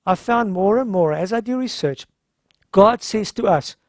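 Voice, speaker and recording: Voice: medium pitch, expressive, moderate pace, no echo, studio quality. A speaker gives a conversational Bible-story sermon at a health seminar, retelling scripture informally and acting out the characters' lines.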